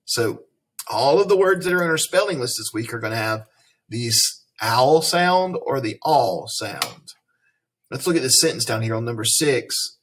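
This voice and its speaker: A man's voice: mid-range voice, expressive, moderate pace, fairly bright tone, husky. A man teaching a recorded phonics lesson for children, patient and repetitive, drawing out each vowel sound as he goes through a word list.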